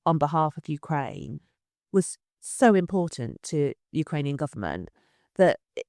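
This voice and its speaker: Animated woman, dry recording. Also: sits low, measured pace, creaky, no room sound. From England. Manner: animated, repeats words as she restarts. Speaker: city culture director, guest. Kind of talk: conversational interview.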